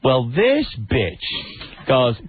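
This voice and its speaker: A man's voice: mid-range voice, very slow, slight background noise. A man co-hosting a radio talk show, telling a story animatedly and acting out the people in it. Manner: animated, acts out the people in his stories. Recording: tinny phone-like radio audio.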